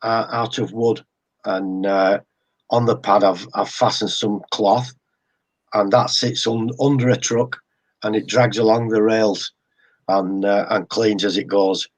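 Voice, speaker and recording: English man, low husky voice, halting guest chat with repeated words. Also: flat delivery. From England. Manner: hesitant, repeats words, chuckles often. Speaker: guest model railroader. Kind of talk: casual live-stream chat.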